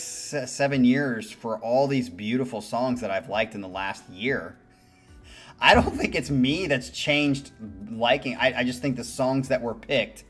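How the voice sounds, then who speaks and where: A man's voice: mid-range voice, a bit bright. A man hosting a music reaction channel, giving candid, musing commentary and swearing casually.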